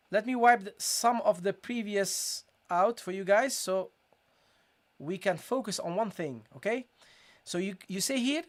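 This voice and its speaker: A tajweed teacher walks through recitation rules in a live online lesson, circling back over each point. The teacher checks in often with the viewers and slows right down to draw out the recited examples. The voice sits at an ordinary middle pitch. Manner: repeats points, keeps checking in with "okay?" and "guys"; switches between English explanation and slow, drawn-out recited demonstrations.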